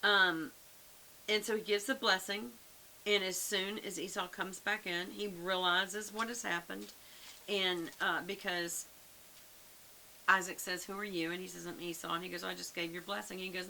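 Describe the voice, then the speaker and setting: A woman's voice: mid-range voice, moderate pace, vocal fry, pauses often, pushed and bright, low-quality recording. A woman leading a casual Bible study, musing aloud with frequent fillers. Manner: conversational, muses aloud, many fillers. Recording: faint hiss.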